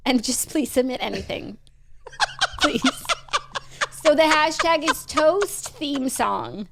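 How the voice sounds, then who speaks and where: A woman with a fairly high, lively voice co-hosts a casual podcast. She is playful and self-deprecating and laughs a lot. Her pitch moves freely through the chat. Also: slow pace, vocal fry, background noise. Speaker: podcast co-host.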